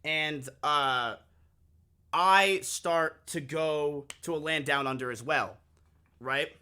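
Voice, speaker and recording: A man talks straight to his live chat, spinning a crude, candid story and repeating lines for effect. His voice sits a little high and sounds bright and forceful. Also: takes it slowly, smooth. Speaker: streamer.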